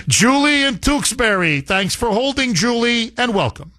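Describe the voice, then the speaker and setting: A man's voice: very high voice, lively intonation, normal speed, few pauses, sharp tone, no room sound. A man hosting a talk radio show, delivering a heated, scornful monologue with emphatic repetition into a studio microphone.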